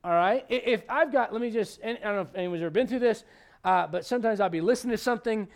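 A man with a high, light voice preaches in an animated, chatty way. He jumps between scripture and everyday asides, often restarting his sentences as he goes. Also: quick pace, gravelly. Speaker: pastor. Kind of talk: sermon.

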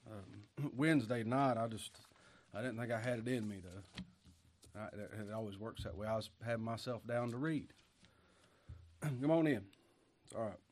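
A pastor preaching a folksy sermon while sick with a cough and short of breath, moving from quiet musing to loud emphatic lines. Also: male voice, fairly low pitch, normal speed, pauses often.

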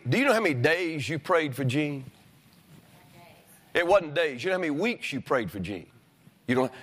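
A man's voice: on the high side, husky, long reverb tail. A male pastor preaching a sermon, emphatic and repeatedly questioning his congregation. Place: church sanctuary.

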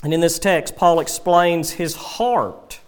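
A man preaching an expository sermon to his congregation, reading scripture and explaining it in a measured, emphatic way. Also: fairly high pitch, smooth. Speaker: pastor.

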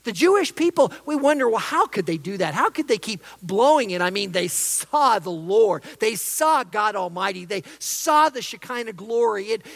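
A preacher giving an expository sermon, emphatic, swinging between loud stresses and soft asides. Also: medium pitch, vocal fry. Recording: long reverb of a large hall.

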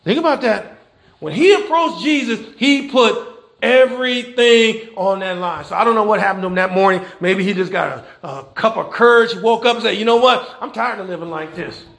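High, gravelly-voiced preacher in echoey room. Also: male voice, moderate pace. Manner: animated preaching with rhetorical questions and repeated phrases; folksy Southern American church phrasing. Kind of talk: sermon. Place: church.

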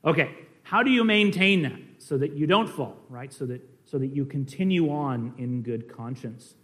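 This man preaches at a normal speed in a fairly high, expressive voice. His sermon-style teaching is earnest and conversational, moving between emphatic stresses and soft asides, full of fillers and restarts.

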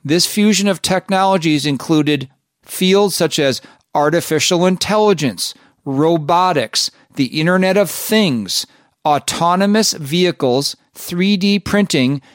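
A man's voice: on the high side, dry recording, clean studio sound. A man hosting a show and commenting skeptically on clips, asking rhetorical questions. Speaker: show host.

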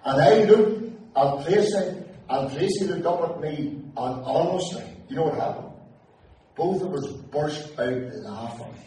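A man with a Northern Irish accent telling a humorous personal story to an audience, acting out the dialogue with lively energy. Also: a little high, a little slow, slight background noise. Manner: animated, acts out dialogue. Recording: very echoey hall, distant mic.

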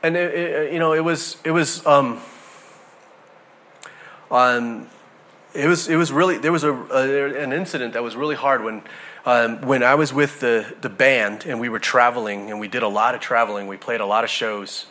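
A middle-aged man preaching a sermon, telling a personal story in a conversational, animated way with frequent restarts. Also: medium pitch, moderate pace. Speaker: pastor.

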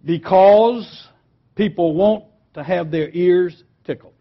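A man teaching a lesson on preaching, emphatic and earnest, slowing down and dropping quiet on key words. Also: high-pitched, highs cut off. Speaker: preaching instructor.

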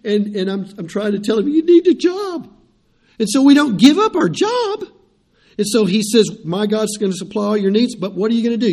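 A man's voice: sits high, a little mellow. A middle-aged man, preaching a sermon in a conversational way, repeating phrases and turning to the congregation with asides. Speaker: pastor.

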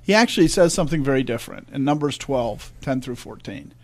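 A man's voice: mid-range voice, expressive, brisk, few pauses, a little mellow. A man co-hosting a church discussion podcast, speaking earnestly and emphatically. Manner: earnest, emphatic, reads scripture aloud. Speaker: podcast co-host.

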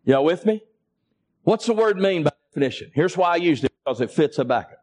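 A male pastor preaching a sermon, calling out to the congregation and building up to impassioned, near-shouted passages. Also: on the high side, lively intonation, a little fast. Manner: calls to the congregation in a Southern US vernacular.

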